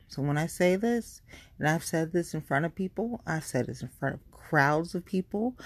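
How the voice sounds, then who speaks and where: Woman podcaster, blunt and profane, warm low voice, dry close sound. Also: dry recording. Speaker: podcast host. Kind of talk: casual ranting monologue.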